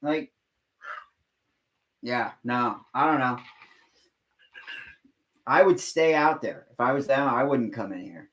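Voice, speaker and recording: A man's voice: medium pitch, slow, long pauses, a bit bright. A man hosting a local talk show, chatting casually, swearing often and saying "like" a lot. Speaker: show host. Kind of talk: casual chat.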